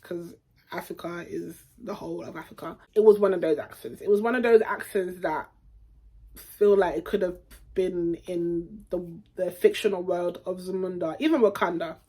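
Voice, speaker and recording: A woman's voice: on the low side, steady tone, normal speed, warm tone, husky. A young woman giving a casual, frank film review full of slangy asides.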